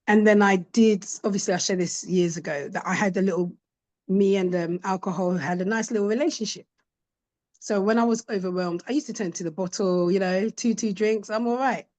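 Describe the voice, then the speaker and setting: A middle-aged woman, a podcast guest, telling candid personal stories in an animated way and acting out what her children said. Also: medium pitch, brisk. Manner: animated, acts out quoted voices of her children. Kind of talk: candid conversational storytelling.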